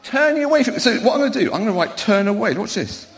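Middle-aged pastor, high and lively voice, playful church talk for children. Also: male voice, fast. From Wales. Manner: playful and animated, quizzing children and calling them up.

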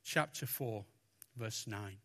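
A man preaching a sermon, talking through a Bible passage with lots of expression and acting out the lines he quotes. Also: takes it slowly. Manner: expressive, animated, acts out quotes with raised pitch.

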